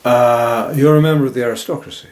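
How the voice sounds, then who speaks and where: A woman interviewing in an improvised comedy sketch, asking polite questions in a deadpan way. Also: a bass voice, fast. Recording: echoey room, faint noise.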